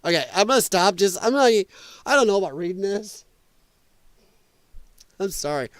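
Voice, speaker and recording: A man's voice: sits high, animated, normal speed, dry recording. A man hosting a casual commentary show, with heavy audible breathing and mocking, laughing asides. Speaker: host.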